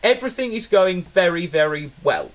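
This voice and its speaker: Man, co-host, rambling jokey chat, slightly high voice. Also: animated, normal speed. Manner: rambling, filler-heavy, jokey. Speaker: podcast co-host. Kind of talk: casual podcast chat.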